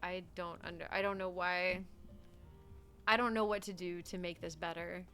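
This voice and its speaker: Streaming a roleplay game, a young woman speaks in a lowish, bright, forceful voice with fairly even intonation and a moderate pace. She chats casually, giggles frequently, and mutters to herself during casual gaming talk and in-character roleplay, over faint background music.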